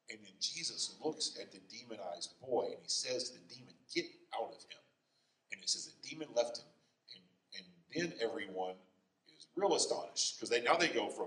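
A man's voice: mid-range voice, brisk, recorded from a distance. A man preaching a conversational sermon in a church, often checking in with the congregation. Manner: conversational, animated, frequent "okay?" and "right?" check-ins. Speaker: pastor. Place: church sanctuary. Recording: roomy, from the mic.

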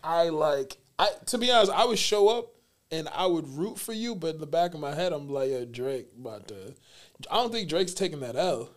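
Man, slightly high voice, co-host, teasing slangy banter. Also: fairly quick. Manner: teasing, laughs often, loose slangy talk. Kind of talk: casual chat.

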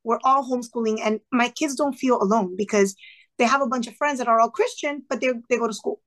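A woman talking as a podcast guest, telling stories in a lively way and acting out the dialogue, with a few Spanish phrases mixed in. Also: on the high side, fast talker. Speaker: podcast guest, retired teacher. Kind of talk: casual storytelling interview.

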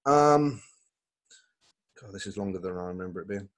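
A man's voice: low-pitched, expressive, moderate pace. A man hosting a podcast, joking and swearing through casual banter. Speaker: podcast host.

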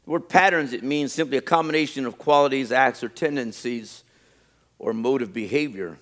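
A pastor with a medium-pitched, fairly bright voice preaches a sermon, repeating phrases and stressing them with rising emphasis. He reads a list slowly and deliberately.

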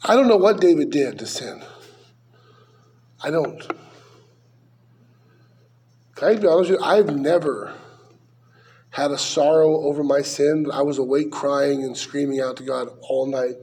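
A man's voice: fairly high pitch, a little slow, long pauses, warm tone, slight background noise. A man, likely a pastor, preaching a verse-by-verse sermon in a conversational way, with rhetorical questions and dry asides.

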